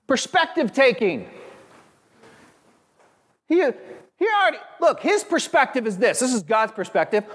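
A man preaching a sermon, animated and conversational, with friendly asides to the congregation. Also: extremely high pitch, a little slow, long pauses, breathy edge, long reverb tail. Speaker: pastor.

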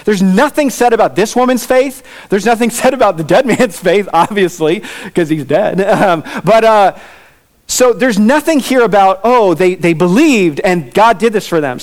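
A man preaching a sermon in a relaxed, conversational way, with casual fillers and asides. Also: high voice, normal speed. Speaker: pastor.

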